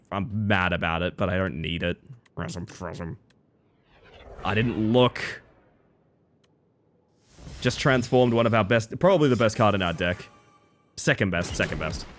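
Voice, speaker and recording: Animated male streamer, low voice. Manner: animated, talks to chat while playing, jokey mock-dramatic outbursts. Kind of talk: casual gameplay commentary.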